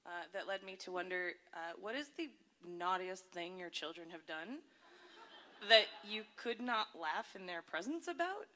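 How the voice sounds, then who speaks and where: Bright-toned woman asking a panel question. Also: lowish voice, expressive, moderate pace. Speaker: audience member asking a question.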